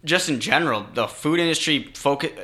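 A man's voice: a little high, fairly quick, bright, forceful tone. A man co-hosting a comedy podcast, rambling in casual banter and spinning off into absurd bits, often trailing off mid-sentence. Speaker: podcast co-host.

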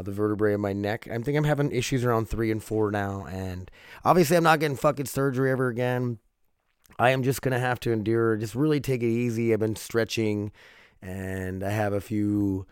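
A man's voice: medium pitch, clear, resonant tone, no room sound, clean studio sound. A man hosting a solo podcast, sick and foggy-headed, rambling casually with frequent swearing and laughs. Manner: rambling, profane, laughs often. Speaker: podcast host.

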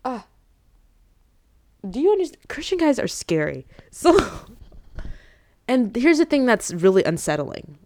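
A young woman vlogging late at night, telling a story in a rambling, exasperated, animated way. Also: fairly high pitch, measured pace, pauses often.

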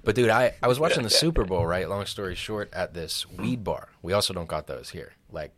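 Brief: podcast co-host, early twenties, very deep voice, loose and profane. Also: male voice, expressive, a little fast, a bit bright. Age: 20s. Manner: rambling, laid-back, swears freely. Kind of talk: casual storytelling chat.

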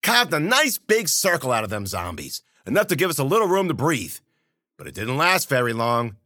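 Male storyteller, tough-guy slang, lively pitch, bright clear tone, dry close mic. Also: normal speed, no room sound. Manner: tough-guy slang, wry asides to the listener. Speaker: storyteller and podcast host. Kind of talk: first-person hardboiled storytelling.

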